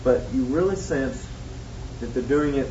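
A man's voice: mid-range voice, measured pace, mellow, a little hiss or hum. A man puts a question to a speaker, hesitating and repeating himself as he gropes for words. He is heard from far off in a roomy space. The sound is dull, with faint background ambience. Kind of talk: asking a question in a discussion.

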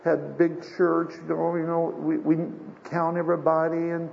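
An older man preaching in a gravelly, somewhat high voice, telling stories in a folksy way and rising into emphatic swells. The recording is dull and lo-fi, with a faint hiss behind him. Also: level tone, moderate pace. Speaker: pastor. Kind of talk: sermon.

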